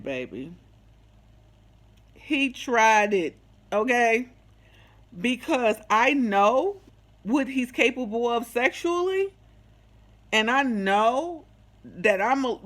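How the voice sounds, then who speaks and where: Animated woman telling a personal story. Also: on the high side, takes it slowly, long pauses. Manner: animated, slangy, acts out the quoted dialogue. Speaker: vlogger sharing a personal testimony. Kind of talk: casual storytelling.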